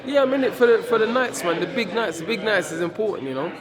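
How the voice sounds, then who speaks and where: Brash heavyweight fighter, defiant and repetitive, raised pitch over crowd chatter. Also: male voice, animated, quick pace. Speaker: professional heavyweight boxer. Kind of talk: casual press interview.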